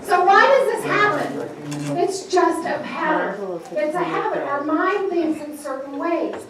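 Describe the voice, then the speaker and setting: With an extremely high-pitched, animated voice and a measured pace, a woman gives a playful motivational talk over a loud crowd in a large event hall. The professional speaker engages the audience with questions, captured on a distant mic in a noisy, echoey space.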